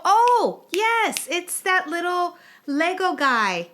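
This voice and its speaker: A woman's voice: a little high, unhurried, bright, forceful tone. A woman hosting a casual live chat on a video call, talkative and rambling, laughing often. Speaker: host.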